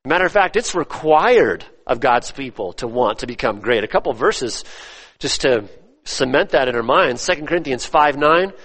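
A man preaching a sermon, emphatic, repeating his phrases and swinging between loud stresses and hushed drops. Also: mid-range voice, animated, normal speed. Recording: long reverb of a church hall.

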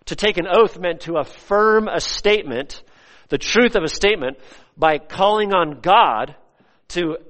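Animated male preacher in a reverberant hall. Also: fairly high pitch. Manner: animated preaching, acts out quoted voices. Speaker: pastor. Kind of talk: sermon.

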